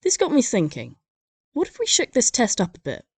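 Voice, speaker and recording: A woman's voice: fairly high pitch, wildly swooping pitch, a little fast, breathy edge, dry recording. Dry-humoured woman narrator. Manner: dry, sardonic. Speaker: comedy narrator and animator. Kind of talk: scripted comedic narration.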